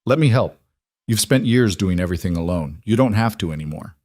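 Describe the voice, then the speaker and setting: A man voicing a powerful mafia boss who speaks in firm, commanding lines with a quietly gentle edge. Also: on the low side, lively intonation, fairly quick, no room sound, clean studio sound.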